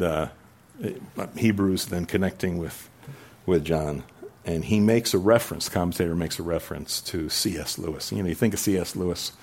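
A preaching man, lowish voice. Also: darkish tone. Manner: conversational, digressive, rising to emphatic preaching. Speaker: pastor. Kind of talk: sermon.

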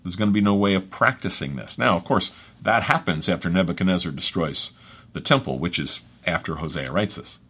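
A man's voice: deep voice, a little fast, fairly bright tone, husky. A man preaching an expository sermon, reading scripture aloud with dramatic emphasis and breaking off into conversational asides. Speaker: pastor.

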